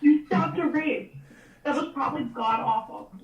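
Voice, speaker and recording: A woman's voice: high-pitched, moderate pace, roomy sound, recorded from a distance, highs cut off. A woman getting over a cold, blunt and exasperated in a casual podcast chat.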